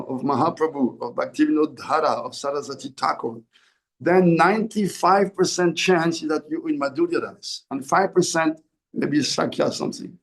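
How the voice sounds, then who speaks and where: Swami guy preaching, kinda high voice, earnest, keeps correcting himself. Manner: earnest, repeats and corrects himself mid-phrase. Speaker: swami giving a spiritual discourse. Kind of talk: sermon.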